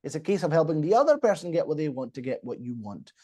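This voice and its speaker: A man's voice: a little high, big pitch swings, quick pace, mellow. A man, a public speaking coach explaining techniques emphatically as a podcast guest. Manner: emphatic, explanatory, acts out examples. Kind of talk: conversational teaching on a podcast.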